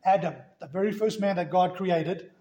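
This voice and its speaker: A man's voice: high-pitched, normal speed, mellow. A middle-aged man with a South African accent preaching a sermon, telling stories and asking rhetorical questions. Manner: storytelling, asks rhetorical questions. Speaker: pastor. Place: church sanctuary. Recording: roomy church echo.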